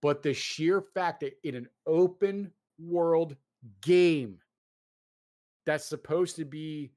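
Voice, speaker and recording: A man's voice: on the high side, takes it slowly. Ranting man in casual gaming chat. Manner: animated ranting, swearing, lots of fillers.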